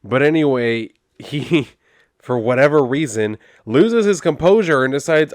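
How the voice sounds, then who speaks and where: A man's voice: medium pitch, lively intonation, a little slow, darkish tone, no room sound, studio quality. Sarcastic, exasperated man reviewing comics. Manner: sarcastic and exasperated, with rambling fillers. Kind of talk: casual recap and review.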